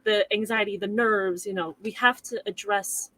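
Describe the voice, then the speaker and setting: A woman's voice: medium pitch, fairly even intonation, normal speed, a bit bright, poor audio. A woman on a podcast panel, speaking earnestly and stressing her points. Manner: earnest and emphatic. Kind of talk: casual podcast chat.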